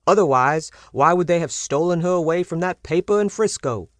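A woman doing a calm old manservant. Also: on the low side, normal speed, no room sound, clean studio sound, close to an everyday voice. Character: calm kindly older manservant.

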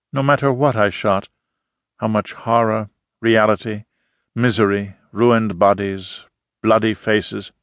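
A man's voice: on the low side, no room sound, natural voice. A man voicing an intense middle-aged woman photographer with a slight foreign accent and formal, emphatic phrasing, read in an audiobook. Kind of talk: audiobook character reading.

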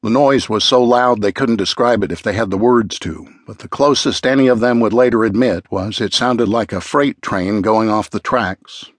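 A man reading an audiobook in a measured, dramatic storytelling manner, close to the mic. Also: on the low side, no room sound. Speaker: audiobook narrator. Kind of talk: scripted narration.

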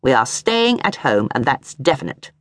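A smug, stern husband of middle years holds forth in a lecturing, patronising way in this audiobook story, as a woman narrator puts him on. His pitch swings widely as he makes his points, and the sound is dry and close. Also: big pitch swings, normal speed, fairly bright tone, no echo. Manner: lecturing, coolly reasonable.

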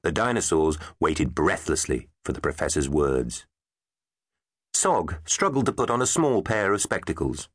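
A man's voice: rumbling low, very animated, measured pace, fairly bright tone, breathy edge, dry recording. A man narrating a children's storybook in a playful, emphatic way. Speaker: audiobook narrator. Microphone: studio microphone. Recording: dry close studio sound.

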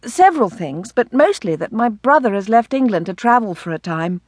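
Poised young lady read by a woman, friendly, polite, lively pitch, period audiobook. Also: normal speed, dry recording, studio quality. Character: young gentlewoman, composed and friendly.

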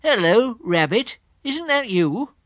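A man's voice: extremely high pitch, sing-song, slow, fairly bright tone, no room sound, clean studio sound, pitched above the performer's own voice, full character voice. A man voicing a mild, earnest bear of little brain in an audiobook, talking in a ponderous, slightly muddled way. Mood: calling. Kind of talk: audiobook character reading.

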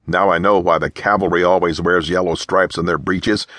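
A man's voice: deep voice, fairly even intonation, normal speed, fairly bright tone, no echo. Man doing a stubborn, grumbling young soldier. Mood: indignant. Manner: grumbling, indignant.

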